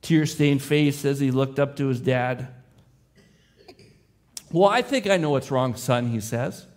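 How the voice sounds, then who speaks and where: A pastor with a mid-range voice preaches a little slowly, telling an illustrative story in which he voices both the boy and the father. He then softens into a hushed closing prayer.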